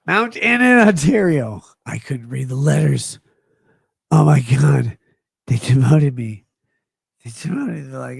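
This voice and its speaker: A middle-aged man livestreaming, reading chat comments aloud in a slurred, rambling way that swings between mumbles and loud outbursts. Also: mid-range voice, animated, measured pace, pauses often, no echo, clean studio sound. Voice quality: gravelly. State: drunk.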